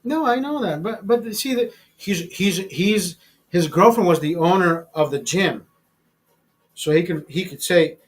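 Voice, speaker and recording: A man's voice: sits high, unhurried. A man hosting a show, telling a story in a casual, profane and emphatic way, often repeating himself. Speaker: show host.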